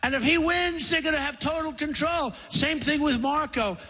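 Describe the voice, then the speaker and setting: A man's voice: very high-pitched, normal speed, pushed and bright. A man in his sixties giving a boastful, rambling, repetitive campaign rally speech in a large convention center. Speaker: political candidate. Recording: long hall reverb.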